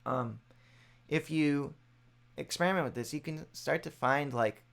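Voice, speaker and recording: Slow, gravelly man teaching voice. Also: fairly high pitch. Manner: relaxed, explanatory, thinks aloud with fillers. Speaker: musician teaching voice practice. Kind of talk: casual music lesson.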